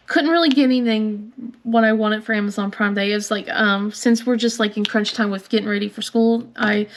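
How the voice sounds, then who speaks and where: Crafting vlogger, woman, 30s; higher pitch, loose rambling chat, frequent giggles, slight cough. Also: slight background noise. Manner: rambling, chatty, laughs often. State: coughing from bad air. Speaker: crafting channel host. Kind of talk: casual chat while crafting.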